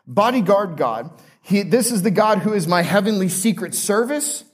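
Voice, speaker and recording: A man's voice: sits high, animated, moderate pace, slightly rough. A male pastor preaching a conversational sermon to a live congregation, joking and asking them questions.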